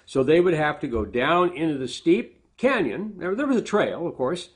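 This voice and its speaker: Here the pastor's voice is a little high and husky, very animated, at a moderate pace. During his sermon he lifts his emphasis while reading scripture aloud, then breaks it down in plain, conversational asides.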